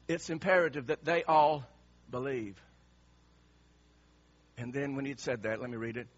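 A man preaching a sermon as a pastor, emotional and swinging from soft to loud. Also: mid-range voice, fairly even intonation, moderate pace, long pauses. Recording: slightly muffled sermon recording.

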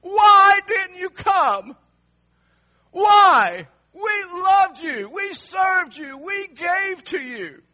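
A man's voice: very high-pitched, big pitch swings, lo-fi sound, pitched above the performer's own voice, heavily acted. A preacher voicing a grieving woman who is crying and pleading in anguish. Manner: wailing, pleading, shouting slowly.

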